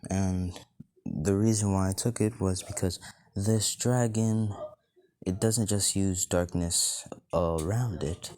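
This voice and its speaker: A man's voice: low voice, darkish tone. A man casually narrating an improvised fan story, rambling and adding off-the-cuff asides.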